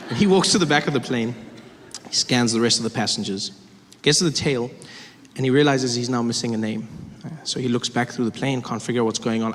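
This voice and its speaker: A man from Africa, telling a story on stage in an animated way and acting out every character. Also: medium pitch, fairly quick. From South Africa. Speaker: stand-up comedian. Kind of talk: stand-up storytelling. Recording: echoey theater with audience noise.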